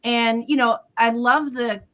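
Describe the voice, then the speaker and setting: Bright-voiced woman, pointed and measured. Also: on the high side, fairly even intonation. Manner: measured with frequent fillers, pointed. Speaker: co-host of a local talk show. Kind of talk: opinionated panel discussion.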